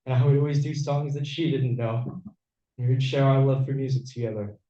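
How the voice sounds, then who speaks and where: A man giving a measured, reflective eulogy at a memorial. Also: mid-range voice, steady tone, dark tone. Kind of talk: memorial speech with recited poem. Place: event venue room. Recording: echoey, distant, dull room audio.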